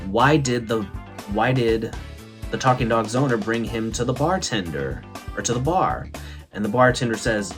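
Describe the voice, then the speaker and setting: Male comedy host, mid-pitched, playful and theatrical, corny one-liners over faint music. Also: normal speed, a bit bright. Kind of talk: comedic joke-telling monologue.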